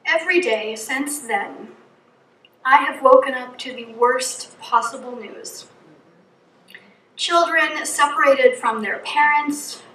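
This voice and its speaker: A woman's voice: high voice, takes it slowly, fairly bright tone, echoey room, recorded from a distance, rough recording. A middle-aged woman from New England gives an earnest personal reflection from a church pulpit, telling a story and reeling off long lists. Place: church hall.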